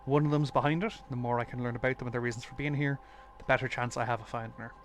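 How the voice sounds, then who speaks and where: A man live-streaming a detective game, reading its lines aloud in an even, mid-pitched voice and thinking aloud as he goes. Faint background noise stays under his voice throughout. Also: very fast. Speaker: streamer playing a mystery game.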